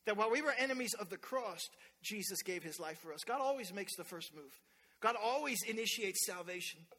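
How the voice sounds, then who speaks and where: A man in his thirties preaching a sermon in church, telling stories in an animated way and acting out quotes loudly. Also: high-pitched, fairly quick. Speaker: pastor. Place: church sanctuary. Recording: long hall reverb.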